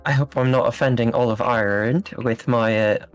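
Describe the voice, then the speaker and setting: A man as an interview guest, telling stories in a relaxed, rambling way with fillers and small laughs. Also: medium pitch, normal speed, smooth, soft background music. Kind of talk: casual interview chat.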